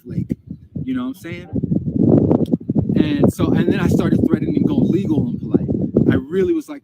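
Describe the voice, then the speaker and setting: A man's voice: very high voice, sing-song, a little fast, vocal fry. A man telling a story casually, heated and profane, often repeating himself. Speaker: storyteller recounting a dispute. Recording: loud background noise.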